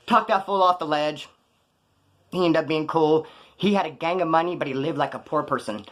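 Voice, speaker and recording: A middle-aged man telling stories casually in street slang, animated, acting out the voices of people he quotes. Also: fairly high pitch, normal speed. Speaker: storyteller. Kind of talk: casual storytelling.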